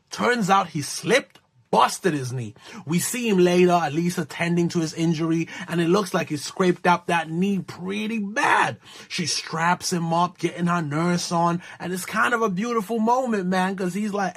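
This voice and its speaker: A man's voice: high voice, lively intonation, normal speed, fairly bright tone, breathy edge. A man casually recapping a reality show in laid-back slang, laughing at his own jokes. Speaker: recap host.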